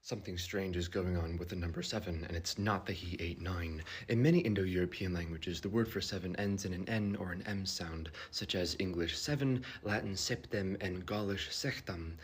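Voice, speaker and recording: A man with a low, deep voice narrates a scripted explainer. He speaks in a measured, precise, lecturing way and lays out each point carefully. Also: breathy edge.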